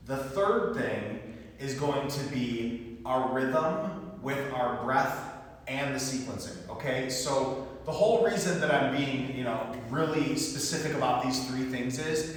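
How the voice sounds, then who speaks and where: A man's voice: mid-range voice, slight background noise. A man teaching a live yoga class, calling out poses in time with the breath. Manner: cueing poses in rhythm with the breath. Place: yoga studio. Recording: echoey studio with long reverb, mic far off.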